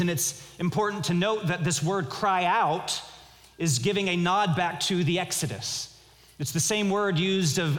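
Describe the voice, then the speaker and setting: Male pastor, fairly high voice, earnest measured sermon delivery, hall reverb. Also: a bit bright. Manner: earnest, measured preaching with frequent restarts.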